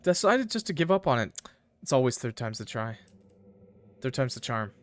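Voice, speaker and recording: A man's voice: mid-range voice, very animated, normal speed, no echo. A man streaming a game, reading its text aloud in first person and breaking off for joking asides to his chat. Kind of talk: reading a game's text aloud with live commentary.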